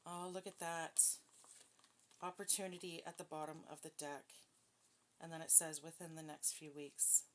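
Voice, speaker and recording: Woman tarot reader, casual and talkative, slightly low voice, noisy home recording. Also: little pitch movement, moderate pace. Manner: chatty, self-deprecating, talks straight to viewers with frequent "okay?". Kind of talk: casual spiritual card reading.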